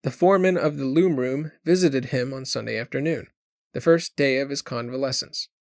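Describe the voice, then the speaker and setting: A man's voice: mid-range voice, moderate pace, no echo. Man narrating an audiobook, dry and close. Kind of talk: scripted narration.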